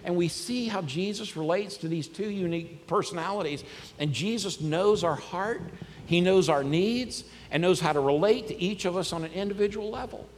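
A man preaching a sermon in a conversational, animated way, reading scripture aloud and talking to his congregation. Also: high voice, normal speed, slight background noise. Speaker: pastor. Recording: long reverb, faint ambience.

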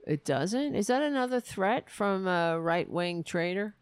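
A woman's voice: mid-range voice, expressive, unhurried, hardly any pauses, clean tone, no room sound. A woman hosting a political commentary show, ranting in a sarcastic, profane, exasperated way.

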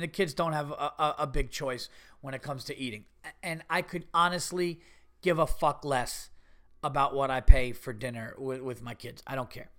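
A man hosting a podcast, telling a casual story in an animated way, swearing freely and rising into indignant bursts. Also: a little high. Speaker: podcast host.

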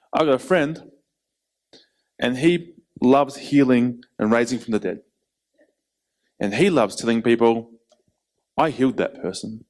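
A man preaching a sermon in an animated way, acting out quoted voices. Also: medium pitch. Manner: animated, acts out quotes, laughs between points.

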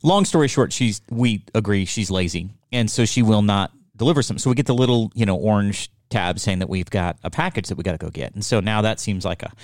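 A man with a low voice tells a story in a casual chat. He acts out each quote with energy. The sound is close and dry, with no room echo. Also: a little fast, hardly any pauses.

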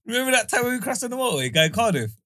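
A man's voice: extremely high pitch, sing-song, racing, sharp tone. A man, a podcast co-host reacting in casual chat with exclamations.

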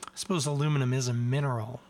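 A man's voice: medium pitch, steady tone, quick pace, darkish tone. A man hosting a beer podcast, talking casually in a rambling, chatty way with self-mocking asides. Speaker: podcast host reviewing beer. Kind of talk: casual chat, tasting review.

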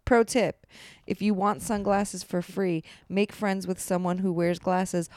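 A woman's voice: mid-range voice, level tone, a little slow, darkish tone, dry recording, clean studio sound. Wry laughing female podcast host. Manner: wry and laughing, reading aloud. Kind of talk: casual chat.

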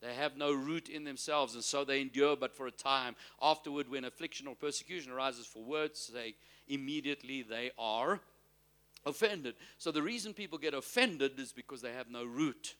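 Bright-voiced preaching pastor, man. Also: medium pitch. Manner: preaching with call-and-response to the congregation; slows and stresses key phrases, swings from loud to soft. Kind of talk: sermon.

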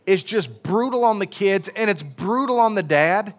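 A man's voice: high voice, lively intonation, a little slow. A man preaching a casual, folksy sermon in a church, chatty and self-deprecating with many fillers. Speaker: pastor. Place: church sanctuary.

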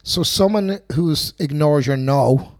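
A man's voice: fairly high pitch, slow, dry recording, studio quality. A man, a self-defence instructor explaining ideas in a conversational way, telling stories and acting out quotes. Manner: animated storyteller, acts out quotes, frequent restarts.

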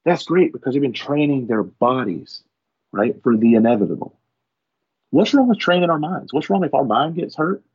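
A man's voice: mid-range voice, animated, moderate pace, slightly rough, highs cut off. A man, a firefighter, telling a profane story in casual podcast talk and acting out the people in it. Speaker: firefighter guest.

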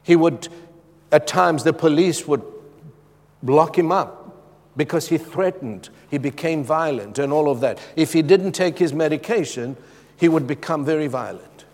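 A middle-aged man preaching a sermon with a personal testimony, emphatic and moving between loud urgency and hushed tones. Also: on the high side, unhurried. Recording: long reverb of a large hall.

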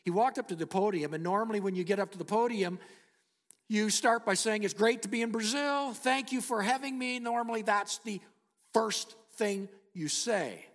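A man with a notably high voice preaches a sermon, telling a story with emphatic stress, long dramatic pauses and sudden drops to a hush. His voice rings through a large hall with a long, trailing reverb.

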